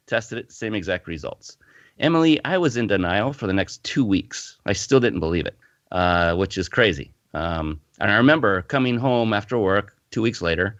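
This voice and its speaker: During a casual interview, a man with a fairly low voice, a podcast guest and fitness company founder, speaks fairly quickly while telling a personal story with animation and frequent restarts. The audio is muffled, lo-fi, and dry, with no room sound.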